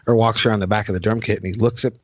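A man's voice: fairly low pitch, racing, no echo. A man hosting a podcast in casual chat, telling stories in a laid-back way and swearing casually. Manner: laid-back, swears casually, animated when quoting others. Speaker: podcast host and drummer. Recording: dry, slightly dull sound.

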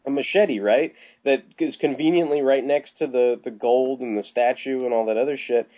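A man's voice: medium pitch, fairly even intonation, moderate pace. A man talking casually about a film, rambling with lots of restarts and casual swearing. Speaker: podcast co-host. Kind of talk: casual film-review chat. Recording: slightly dull, lo-fi podcast audio.

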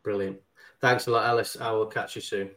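A man hosting a podcast, chatting casually and warmly thanking his guest. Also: fairly low pitch, steady tone, fairly quick. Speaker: podcast host. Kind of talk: casual interview chat.

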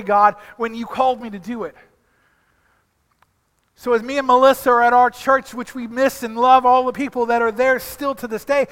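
A middle-aged man preaching a sermon as a pastor, telling animated stories that swing from quiet asides to loud exhortation. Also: extremely high pitch. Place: church sanctuary. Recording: long hall reverb.

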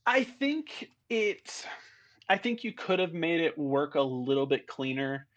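A man co-hosting a podcast, chatting casually about a movie and telling a relaxed anecdote, with short agreeing replies in between. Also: fairly high pitch, unhurried, highs cut off. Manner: relaxed, storytelling, brief agreeing interjections. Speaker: podcast co-host. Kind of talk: casual movie review chat.

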